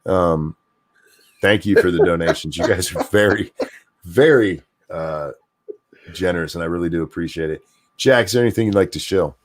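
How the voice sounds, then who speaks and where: The older man hosting this casual streamed talk show has a voice that sits low and a moderate pace. He chats with animation, cursing freely and joking about himself.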